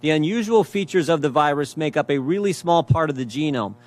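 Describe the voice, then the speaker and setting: A middle-aged man makes his case at a hearing in an emphatic, driving voice. His voice sits somewhat high for a man, and he reads out emails and repeats phrases for weight. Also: animated, brisk. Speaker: congressman questioning at a hearing. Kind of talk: speech at a hearing.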